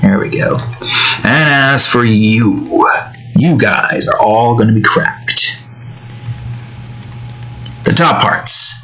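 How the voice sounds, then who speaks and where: A man's voice: lowish voice, slow pace, long pauses, sharp tone, slight background noise, rough recording. A young man casually narrating as he draws, rambling and muttering to himself. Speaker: digital artist. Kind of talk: casual narration while drawing.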